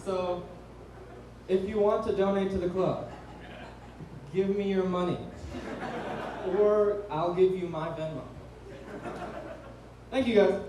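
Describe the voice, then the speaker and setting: High-voiced man hosting a comedy night. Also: fairly even intonation, slow, pauses often, dull audio. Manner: joking, hesitant with fillers. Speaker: comedy show host. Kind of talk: stand-up emcee patter. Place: comedy bar stage. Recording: echoey room, distant mic, crowd noise.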